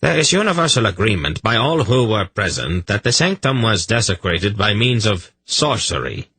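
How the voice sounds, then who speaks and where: A man's voice: on the low side, sing-song, normal speed, pushed and bright, breathy edge, dry recording, voice pushed up, full character voice. A male audiobook narrator voicing a nervous young male priest who speaks formally and stiffly. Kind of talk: audiobook character reading.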